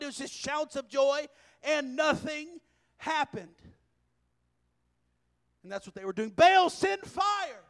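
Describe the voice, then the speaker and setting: A man preaching a sermon, telling a scripture story with animated delivery, chuckling and raising his voice for emphasis. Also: very high-pitched. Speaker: pastor.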